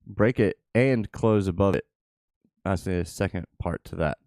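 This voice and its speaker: Talking through his trades live, a crypto trader and channel host mutters casual asides to himself. He speaks a little slowly in a low-pitched, darkish voice, with no echo in the recording.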